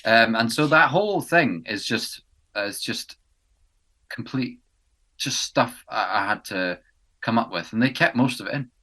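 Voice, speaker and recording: Young English man, bright chatty tone. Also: mid-range voice, lively intonation, unhurried. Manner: rambling, many ums and restarts. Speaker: podcast co-host and actor. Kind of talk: casual chat. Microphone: podcast mic indoors.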